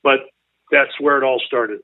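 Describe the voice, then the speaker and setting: An older man, a former baseball coach, telling a long emotional story as an interview guest in an earnest, halting way. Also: mid-range voice, steady tone, dry recording. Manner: earnest, halting, repeats himself. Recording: tinny phone-like line.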